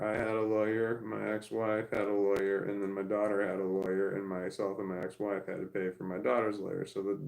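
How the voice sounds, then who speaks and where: Gravelly low-voiced man telling a story. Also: a little mellow, rough recording. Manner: rambling, frequent swearing and restarts. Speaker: vlogger. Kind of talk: casual storytelling monologue.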